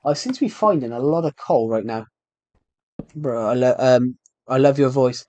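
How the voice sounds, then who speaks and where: A young man from the UK with a thick, strongly rhotic regional British accent, chatting casually on a gaming live stream and talking slowly on purpose, with many restarts. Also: mid-range voice, dark tone. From United Kingdom. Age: young adult. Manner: deliberately slow, many restarts. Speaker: game streamer.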